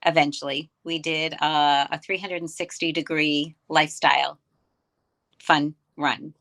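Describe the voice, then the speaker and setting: An older woman from New York, chatting as an interview guest. Her voice is bright and forward, sitting a touch low for a woman, and she tells her story in quick, easy bursts. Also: steady tone, gravelly. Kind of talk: casual interview chat.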